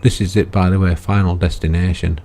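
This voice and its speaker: A man's voice: sits low, flat delivery, fairly quick, mellow. A man giving rambling, chatty gameplay commentary, often ending remarks with tag questions. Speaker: gaming video creator.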